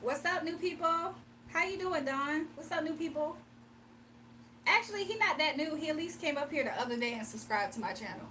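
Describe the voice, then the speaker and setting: A woman runs a relaxed livestream, talking with viewers, laughing often, and addressing the chat directly. She speaks briskly in a high, animated voice with a sharp tone. There's a faint hum, and she sits a bit distant from the mic.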